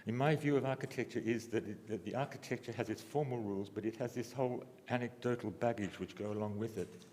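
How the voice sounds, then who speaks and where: A man giving a symposium lecture, halting and restarting often, with dry humor. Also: on the low side, a little mellow, long reverb tail, slight background noise. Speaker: lecturer, architect. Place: lecture hall.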